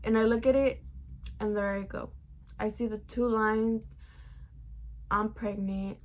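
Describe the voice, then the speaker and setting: A woman's voice: medium pitch, steady tone, a little slow. A young adult woman telling a casual, profane storytime vlog, peppered with "like". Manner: chatty, profane, heavy use of "like". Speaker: vlogger.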